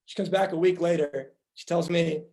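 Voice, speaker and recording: A man's voice: a little high, steady tone, moderate pace, mellow, low-quality recording. A man, a doctor, giving a conference talk, earnestly telling patient stories and acting out their dialogue.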